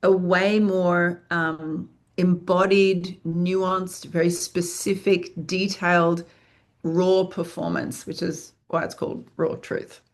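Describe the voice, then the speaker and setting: A woman's voice: on the low side, level tone, slow. A woman acting teacher answering interview questions in an earnest, frank way, speaking in long flowing lists and swearing freely.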